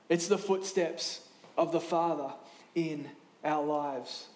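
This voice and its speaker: Pastor guy preaching, kinda high voice, chatty and animated, lots of echo in the church. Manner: lively, conversational preaching with quick asides and self-corrections. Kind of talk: sermon.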